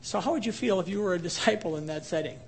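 Earnest high-voiced male pastor preaching. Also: fast talker, gravelly, slight background noise. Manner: earnest, emphatic storytelling with rhetorical questions. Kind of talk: sermon.

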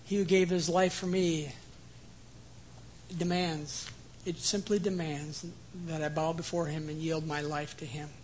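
A man preaching an earnest sermon, who later leads a quiet prayer. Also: a little high, level tone, unhurried, a little hiss or hum, poor audio. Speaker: pastor.

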